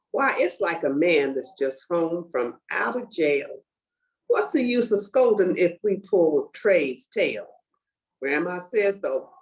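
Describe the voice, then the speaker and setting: A woman performing a dialect poem aloud in a lively, expressive storytelling manner. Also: on the low side, low-quality recording. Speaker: poetry reciter. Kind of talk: dramatic poetry recitation.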